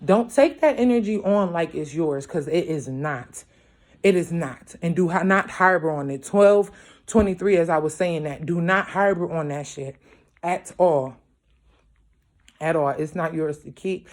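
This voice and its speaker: A woman's voice: lowish voice, a little slow. Blunt, profane woman reading tarot. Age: young adult to middle-aged, a mother. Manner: blunt, profane, emphatic, keeps asking "you feel me"; grows louder as she gets worked up. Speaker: tarot reader. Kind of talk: casual tarot reading to viewers. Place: at home late at night.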